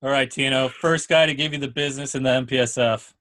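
A young man hosting a casual chat, telling a lively story and checking in with "right?" and "dude". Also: mid-range voice, fast talker.

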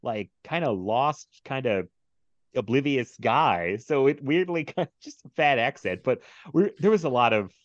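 A man hosting a casual movie podcast, telling stories with laughter and animated bursts. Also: mid-range voice, moderate pace, no echo. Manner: animated storyteller, laughs often. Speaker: podcast host. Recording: dry, slightly dull sound.

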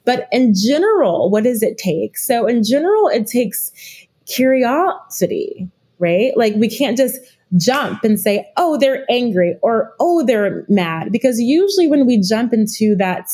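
A woman's voice: a little high, expressive, measured pace, mellow, slightly rough. A middle-aged woman speaking as a guest expert in a podcast interview, reflective and often restarting her sentences. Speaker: guest expert, leadership consultant.

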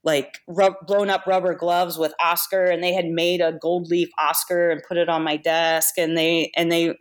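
A woman with a fairly low voice tells stories in a relaxed, conversational way. She keeps the telling lively and often breaks into laughter, as a makeup artist guest would when looking back on her work. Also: normal speed. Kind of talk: casual storytelling.

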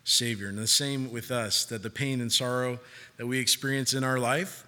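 Animated preacher, bright voice in a hall. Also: male voice, medium pitch, normal speed. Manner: animated, jokey, acts out quoted voices. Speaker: pastor. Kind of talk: sermon. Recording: long hall reverb.

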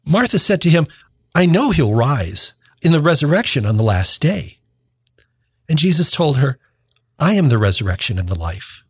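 Earnest preacher with a husky voice. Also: male voice, a little high, no echo. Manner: earnest, with frequent restarts. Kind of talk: gospel reading and homily.

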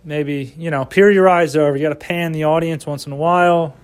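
A man talking in his home kitchen, his voice sitting a little high. He rambles loosely, swears freely and chats away to himself as he goes. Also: fairly quick, hardly any pauses. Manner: rambling, profane, talks to himself. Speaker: vlogger and amateur stand-up comic. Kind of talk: rambling casual monologue.

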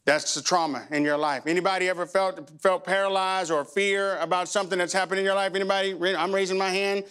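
Middle-aged male pastor, smooth, resonant voice pitched a little high, emotional storyteller turned fervent preacher. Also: fairly even intonation, fast, a bit bright. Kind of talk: sermon. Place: church.

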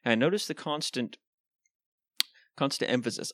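A man's voice: medium pitch, steady tone, normal speed, dry recording, studio quality. A man preaching a sermon in an earnest, conversational way, with frequent ums and asides.

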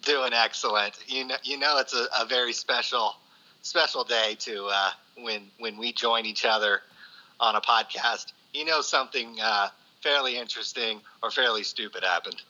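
A male podcast guest calling in remotely, easygoing and a bit halting. His voice is very bright and sharp. The call audio sounds dull and muffled. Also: medium pitch. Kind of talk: casual podcast chat.

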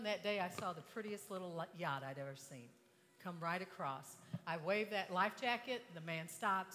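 An older woman giving a motivational talk to an audience, impassioned, swinging from hushed tones to shouting. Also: mid-range voice, big-room sound. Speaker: inspirational speaker.

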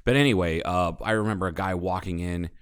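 Speaking fairly quickly in a low, clean-toned voice, a man co-hosts a casual podcast, recounting profane bar stories and mimicking people by raising his voice to act out their lines.

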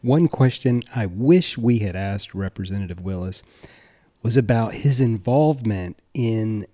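Mellow-voiced male podcast co-host. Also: fairly low pitch, animated, unhurried. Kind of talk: casual political podcast chat.

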